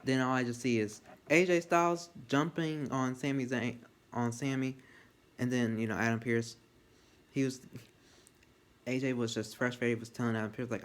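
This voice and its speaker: A man giving a casual, rambling wrestling review, getting excited and swearing freely, often restarting his sentences. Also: medium pitch, moderate pace.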